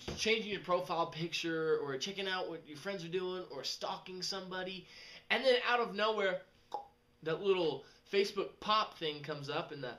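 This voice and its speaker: A young man, rambling casually in a vlog and jumping into high mocking voices. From West Texas. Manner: animated, jumps to high mocking voices when quoting people. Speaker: vlogger.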